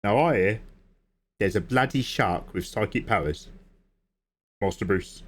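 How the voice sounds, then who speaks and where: A man's voice: fairly low pitch, measured pace, slight background noise, close to an everyday voice. An Australian man voicing an old, formal male British butler in a dry, solemn manner. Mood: mock-solemn.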